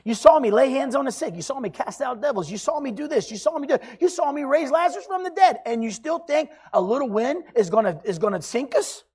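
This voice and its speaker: A preacher voicing a weary, irritated man just woken from sleep, who scolds the people around him in a husky voice. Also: sits high, lively intonation, fairly quick, hardly any pauses, darkish tone, exaggerated voice. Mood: exasperated. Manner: scolding and exasperated.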